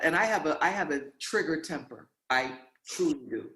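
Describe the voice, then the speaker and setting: A man with a fairly high voice tells a long story in a relaxed, conversational way. He acts out the voices of the people he quotes. The room has a roomy echo around him. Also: moderate pace, few pauses. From New York.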